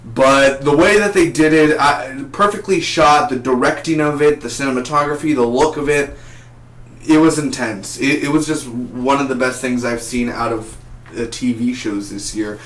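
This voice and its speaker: A man of ordinary pitch talks through a TV episode in a loose, excitable way, stumbling over his words and circling back as he goes. The room around him is bare and echoey, so his voice rings off the walls. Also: normal speed. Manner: excitable and rambling, repeats and restarts words. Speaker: TV episode reviewer. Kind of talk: casual spoken review.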